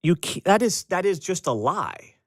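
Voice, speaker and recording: This Midwestern American radio host has a high voice and talks at a normal speed. His opinionated monologue is a sarcastic, animated rant in which he mimics people he disagrees with, recorded on a studio microphone.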